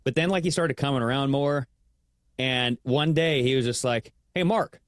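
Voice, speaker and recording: A man's voice: mid-range voice, moderate pace, dry recording, studio quality. A young man co-hosting a casual podcast chat, telling stories and acting out what other people said. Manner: storytelling, acts out others' lines in shifted voices. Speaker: podcast co-host.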